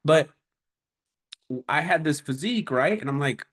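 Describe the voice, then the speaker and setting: A man giving a casual, energetic motivational talk as a business coach, telling stories with emphatic punches. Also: moderate pace. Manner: energetic, animated storyteller with emphatic "boom".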